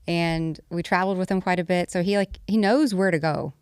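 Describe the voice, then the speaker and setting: A woman speaks in a smooth, clear, lowish voice. She is friendly and plainspoken as she talks through her stories. The sound is dry and close to the mic. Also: fairly even intonation, brisk, no echo. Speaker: co-host. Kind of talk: casual chat.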